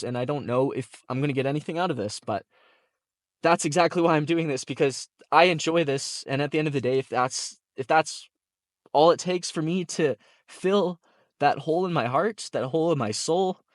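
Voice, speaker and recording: A man's voice: a little high, a little fast, no room sound, studio quality. A young man, a content creator, talking to camera in an earnest, heartfelt personal vlog, teary-eyed and talkative. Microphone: camera mic, talking to camera.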